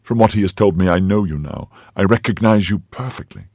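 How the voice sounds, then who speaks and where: A man reading the part of a cunning noblewoman who hides her cruelty behind feigned warmth, with a husky voice. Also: low voice, fairly quick, no echo, exaggerated voice. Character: cunning noble lady, cold schemer.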